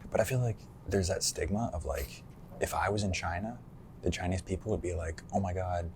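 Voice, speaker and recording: A man's voice: sits low, a little fast, background noise. A man chatting casually as a guest, laid-back, laughing often and swearing offhandedly. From United States. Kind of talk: casual chat.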